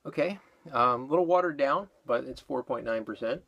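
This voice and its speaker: A man's voice: mid-range voice, a little fast, gravelly, fairly bright tone, muffled recording. Guy doing a chill beer review at home, kinda out of breath, lots of ums and restarts. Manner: rambling, with many fillers and self-corrections. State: out of breath after exercise.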